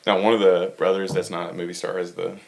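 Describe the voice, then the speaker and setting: Man, lowish voice, casual storyteller, filler-heavy. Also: flat delivery, fast, vocal fry. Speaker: podcast guest. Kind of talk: casual chat.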